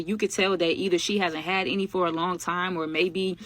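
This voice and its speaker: A woman telling a storytime vlog in a casual, animated, slangy way, speaking straight to her viewers. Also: lowish voice, normal speed, dry recording. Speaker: storytime vlogger.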